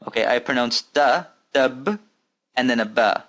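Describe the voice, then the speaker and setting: A man's voice: medium pitch, fairly quick, a bit bright. A man teaching an Arabic reading lesson, patiently repeating letter sounds and asking students to follow along. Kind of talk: recorded language lesson.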